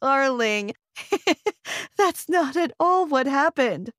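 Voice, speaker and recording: A woman voicing a soft-spoken mother who soothes her daughter, in a quiet manner. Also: high-pitched, expressive, extremely slow, no echo, clean studio sound, exaggerated voice. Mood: soothing. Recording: voice over clear background music.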